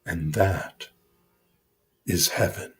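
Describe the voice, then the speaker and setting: A man's voice: low voice, extremely slow, fairly bright tone, breathy edge, voice pushed down, exaggerated voice. A man voicing a small, fearless male monk who speaks with cutting disdain in a story told during a sermon. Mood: soft, calm.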